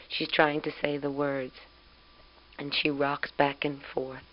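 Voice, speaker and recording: A woman's voice: very deep voice, level tone, normal speed, highs cut off. A young woman recording a spoken letter on tape to her husband, chatty, fond and amused as she tells family news.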